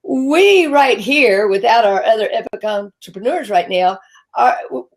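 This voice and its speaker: A woman's voice: on the high side, lively intonation, measured pace, low-quality recording. A woman in her sixties with a Southern American accent, hosting a live-streamed talk show in a chatty, self-deprecating way with frequent restarts. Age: 60s. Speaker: host.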